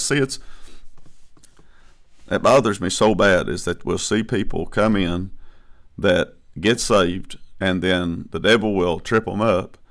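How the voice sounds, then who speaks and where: Deep gravelly man preaching. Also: fairly bright tone. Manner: impassioned, rising to emphatic bursts, frequent restarts. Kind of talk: sermon.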